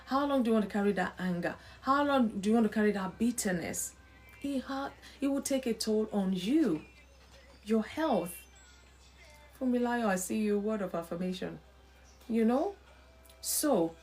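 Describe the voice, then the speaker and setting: A woman hosting a live-stream talk on emotional health, speaking in an expressive, preacher-like way with lively emphasis. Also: mid-range voice. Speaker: host.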